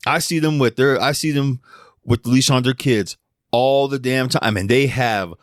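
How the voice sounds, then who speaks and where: A man's voice: medium pitch, normal speed, dry recording. Guy on a podcast, swearing and acting out little voices, dry close sound. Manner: profane, animated storytelling with mimicked voices. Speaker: podcast co-host. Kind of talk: casual podcast banter.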